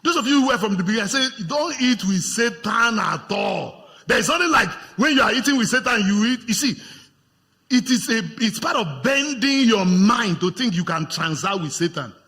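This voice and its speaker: High bright-voiced Nigerian preacher. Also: male voice, moderate pace. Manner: animated, acts out voices of tempters, laughs with congregation. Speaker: pastor. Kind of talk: sermon. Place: church hall with congregation. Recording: long hall reverb.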